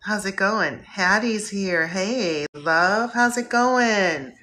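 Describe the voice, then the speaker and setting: A woman from Northeast Ohio hosting a live stream, warmly greeting viewers by name in an effusive, upbeat way. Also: mid-range voice, slow pace, slight background noise. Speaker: host.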